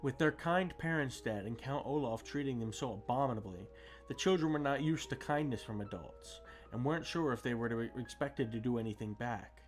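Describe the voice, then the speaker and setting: A man reading a storybook aloud on a stream, steady with occasional restarts. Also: medium pitch, a little fast. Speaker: streamer reading books to chat. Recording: faint music behind.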